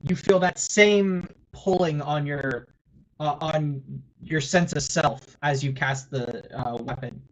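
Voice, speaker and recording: A man narrating as game master of a tabletop role-playing session, with halting delivery and many fillers. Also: on the high side, lo-fi sound.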